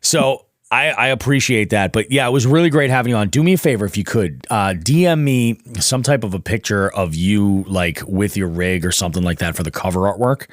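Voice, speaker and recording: Male podcast host, low, dry and close, upbeat and effusive, thanks guests warmly. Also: brisk, few pauses, no echo. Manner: upbeat, effusive, frequent agreeing interjections. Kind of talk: casual interview chat.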